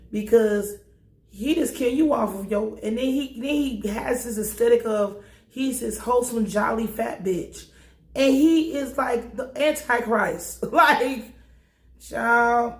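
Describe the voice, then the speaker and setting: A woman casually recapping a TV episode, animated and profane, often acting out the characters' lines. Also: on the high side, roomy sound.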